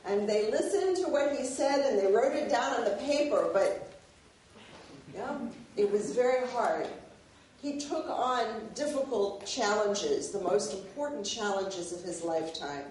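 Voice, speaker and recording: A woman giving an academic lecture, animated and given to laughing. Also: a little high, a little slow, slight background noise. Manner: animated, laughs while reading a favorite passage. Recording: echoey hall, mic at a distance.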